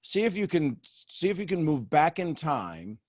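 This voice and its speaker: Male coaching host, higher-pitched, animated, acts out voices, dry close recording. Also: measured pace, no echo. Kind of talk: coaching call with participants.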